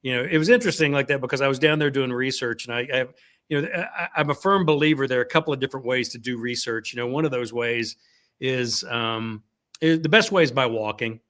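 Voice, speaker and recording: Man, rambling storyteller, keeps saying like that, mid-pitched voice, reads his own fiction aloud. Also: fast, a bit bright. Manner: rambling, frequent "like that" and fillers. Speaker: guest author. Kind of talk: casual chat and reading from his novel.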